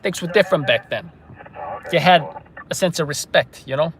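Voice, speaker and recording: A man's voice: a little high, lively intonation, moderate pace, a crowd in the background, voice pushed up. A man putting on a thick Brooklyn accent to play an old tough guy reminiscing in a drawling way. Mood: nostalgic. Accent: put-on Brooklyn.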